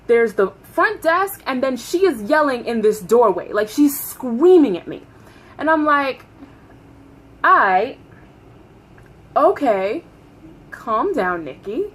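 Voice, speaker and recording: Animated woman in her thirties telling a story. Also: high voice, measured pace. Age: 30s. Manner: animated, profane, laughing. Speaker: vlogger. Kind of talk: storytime vlog.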